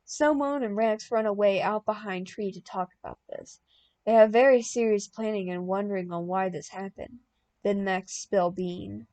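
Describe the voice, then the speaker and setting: A young woman reading a fan-written story aloud as an audiobook, plain and deadpan, bursting out loud in the dialogue. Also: mid-range voice, a little slow. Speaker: audiobook reader.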